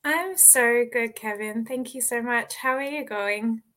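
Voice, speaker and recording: A woman's voice: fairly high pitch, unhurried, a bit bright. A young Australian woman, an author being interviewed, who talks in a bubbly way and laughs often. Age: young adult. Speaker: author and guest. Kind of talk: casual interview.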